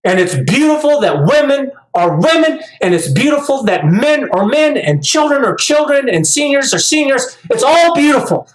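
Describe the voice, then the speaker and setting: A man's voice: very high-pitched, very animated, normal speed, hardly any pauses. A middle-aged man talking casually and at length, stumbling over repeated words and growing emphatic as he rants. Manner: rambling, repeats words on restarts; gets emphatic and ranting. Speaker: vlogger. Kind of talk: casual monologue. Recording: echoey room.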